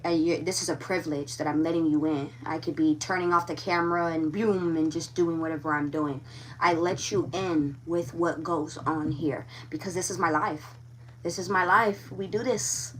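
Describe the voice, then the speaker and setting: A woman's voice: fairly low pitch, moderate pace, far from the mic, slight background noise. A woman giving a live tarot reading, talking frankly and with animation straight to her viewers. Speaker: tarot reader.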